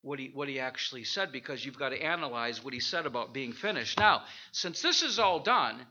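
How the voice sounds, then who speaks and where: A man teaching an informal Bible study, thinking aloud with halting restarts and rhetorical questions. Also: mid-range voice, expressive, sharp tone, dull audio.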